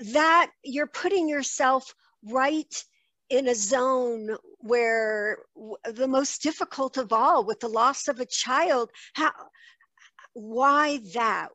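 A woman's voice: fairly high pitch, slow pace, bright, forceful tone, no room sound. A woman hosting an interview show, asking eager, probing questions. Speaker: podcast host.

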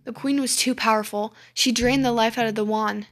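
A woman reads a dark fairy tale aloud with dramatic storytelling. Her voice sits fairly high. Light music plays underneath. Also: steady tone, brisk.

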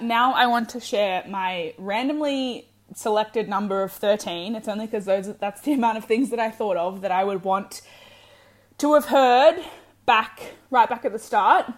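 A young adult woman vlogging candid breakup advice, frank and encouraging, swearing freely. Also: medium pitch. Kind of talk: candid direct-to-camera advice.

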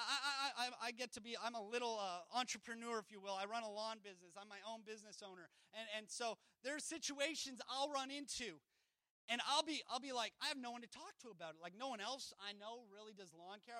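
High, bright-voiced impassioned young preacher man. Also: fairly quick, no room sound. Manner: impassioned, building to shouts; casual asides between scripture reading. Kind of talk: sermon.

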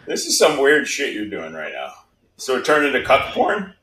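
A man's voice: medium pitch, huge pitch swings, normal speed, bright, forceful tone, rough recording. A man filling in as podcast co-host, cracking crude jokes and stumbling through stories. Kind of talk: casual podcast chat.

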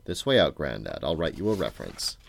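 A man's voice: a bass voice, wildly swooping pitch, a little fast, vocal fry, pitched below the performer's own voice, heavily acted. A man doing a blunt young prince. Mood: brusque. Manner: brusque and mocking.

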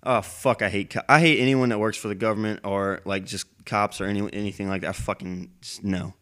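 Man, low smooth voice, profane rambling storyteller on a mic, heated and casual. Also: steady tone, a little fast, a bit bright. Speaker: military veteran telling a personal story. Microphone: plug-in microphone.

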